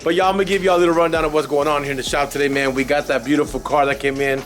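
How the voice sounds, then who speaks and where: A man from New York who owns a car audio shop, chatting casually in a vlog with loud, joking, slang-heavy banter. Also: a little high, little pitch movement, rapid-fire, faint music behind.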